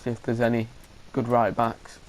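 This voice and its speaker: A man's voice: medium pitch, completely flat delivery, moderate pace, low-quality recording. A man, thinking aloud as he commentates his gameplay, hesitant and full of restarts, with an occasional cough. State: coughing now and then. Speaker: gaming commentator.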